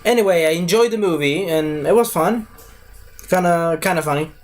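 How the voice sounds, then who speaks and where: A man's voice: on the high side, normal speed. A man giving a casual spoken movie review, rambling, losing his thread and correcting himself as he goes.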